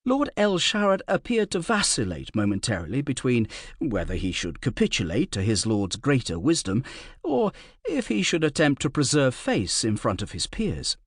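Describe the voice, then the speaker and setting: A male narrator reads a fantasy audiobook with wry, measured storytelling. His mid-range voice rises and falls with animated intonation. The sound is close and dry with no room around it. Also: mid-range voice, husky, no echo.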